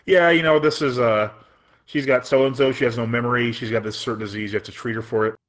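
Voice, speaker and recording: A man recapping a story in quick, loose chat, his voice in a middle register. He fills the gaps with "uh" and "like" and laughs along as he goes. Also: medium pitch, fairly even intonation, a bit bright. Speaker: podcast co-host. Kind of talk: casual chat.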